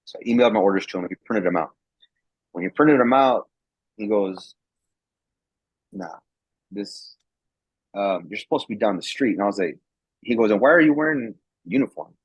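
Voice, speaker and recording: A man with a low, husky voice tells a long story in a casual, rambling way, stumbling over repeated words and acting out the voices of others. The recording is dry and dull, with a lo-fi sound. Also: moderate pace, long pauses, no echo. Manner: rambling, repeats words, acts out quoted dialogue. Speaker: guest, former National Guard soldier.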